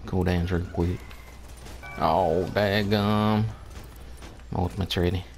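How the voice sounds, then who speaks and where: A man's voice: sits low, fairly even intonation, takes it slowly. A man giving drawling, exasperated commentary over a team shooter game, pleading with his teammates. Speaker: gamer. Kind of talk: gameplay commentary.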